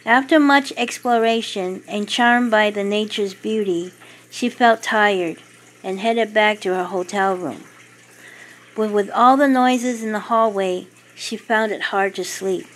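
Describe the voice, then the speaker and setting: A woman narrating her own short story in an even, steady reading voice. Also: mid-range voice, measured pace, rough recording. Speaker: author and narrator.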